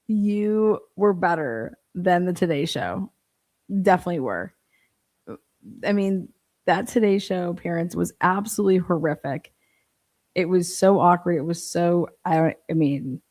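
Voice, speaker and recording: A woman's voice: fairly low pitch, expressive, unhurried, darkish tone, no room sound. A woman hosting a livestream, reacting crudely and sarcastically to a TV clip, swearing and laughing often. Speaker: livestream host. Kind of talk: casual reaction commentary.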